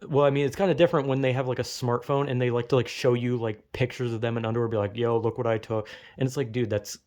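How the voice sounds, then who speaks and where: A man's voice: medium pitch, fairly even intonation, racing, a little mellow. Rambling, profane young man. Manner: rambling, profane, self-mocking. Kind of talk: rambling comedic storytime.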